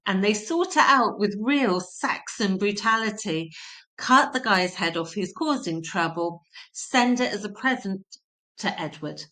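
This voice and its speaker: A woman's voice: mid-range voice, fairly bright tone. A woman teaching a history lesson, explaining terms simply and repeating key points for emphasis.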